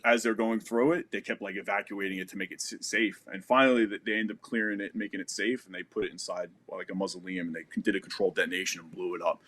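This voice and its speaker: Guy in his 30s, kinda low voice, telling a story on a podcast, lots of "like" and "you know", swears a bit. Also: a bit bright. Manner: loose and profane, peppered with "like" and "you know". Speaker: podcast guest. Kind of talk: casual storytelling.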